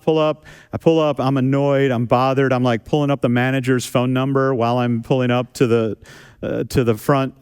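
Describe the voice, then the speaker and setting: A man's voice: medium pitch, a little mellow, smooth. A man preaching a sermon as a pastor, talking casually with self-deprecating humor and repeating phrases for emphasis. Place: church sanctuary.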